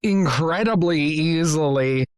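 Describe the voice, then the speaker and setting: Game master, man, high voice, slow deliberate narration, dry close mic. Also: slight background noise.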